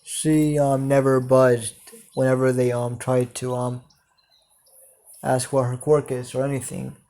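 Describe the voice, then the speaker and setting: A man's voice: mid-range voice, little pitch movement, a little slow, dark tone. A man narrating an improvised fan story, hesitant and full of fillers.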